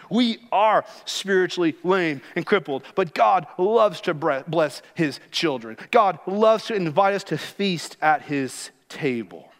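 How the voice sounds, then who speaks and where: High-voiced, slow-speaking male pastor preaching an emphatic teaching sermon in a church, long hall echo. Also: fairly bright tone. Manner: emphatic, teaching, acts out quoted scenes.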